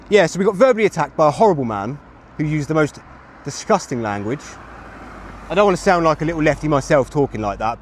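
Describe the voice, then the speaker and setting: A man in his thirties, livestreaming outdoors to his chat, rambling and chatty as he talks on a phone mic. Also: fairly high pitch. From England. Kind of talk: live street streaming to chat. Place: outdoors on a street with traffic. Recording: street traffic noise behind.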